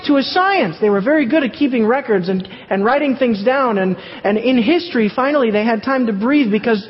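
A preacher with a husky, breathy voice teaches through scripture verse by verse, reading each passage and then firing off questions that they answer themselves. The sound is a touch muffled and rings with a long hall reverb. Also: mid-range voice, lively intonation, fairly quick. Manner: reads verses aloud, then poses and answers rhetorical questions. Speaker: Bible teacher. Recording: dull, echoey hall recording.

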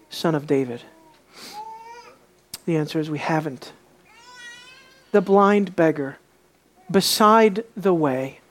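A woman with a medium-pitched voice preaches an expository sermon, speaking emphatically. She poses rhetorical questions and swings between loud and soft delivery.

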